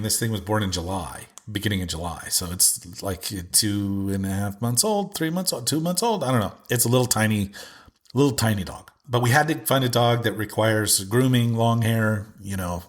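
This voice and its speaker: A middle-aged man hosting his own podcast, talking in a casual, rambling monologue full of restarts and asides. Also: fairly low pitch. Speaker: podcast host.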